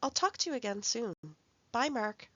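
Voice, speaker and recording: A woman narrating a recorded language workshop, speaking clearly and carefully as she reads out example phrases. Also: a little high, animated, normal speed, fairly bright tone, no echo, muffled recording. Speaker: language support instructor.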